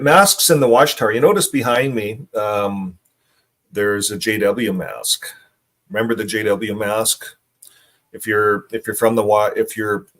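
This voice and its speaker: A man's voice: medium pitch, fairly bright tone. A middle-aged man talking bluntly in a casual monologue, often repeating himself for emphasis. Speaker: host.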